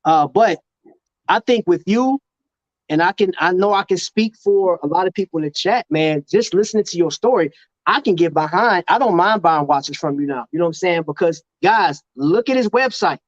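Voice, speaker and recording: A man from Chicago hosting a casual live-stream chat, telling stories in an animated way and laughing often. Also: high-pitched, moderate pace, no room sound. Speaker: host. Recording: dry, dull lo-fi sound.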